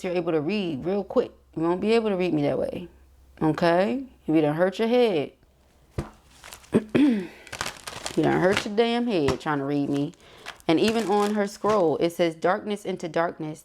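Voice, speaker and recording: Speaking to her viewers directly, a woman with a fairly low and slightly mellow voice delivers a casual tarot reading. She's chatty and emphatic, tossing in asides and laughing as she goes.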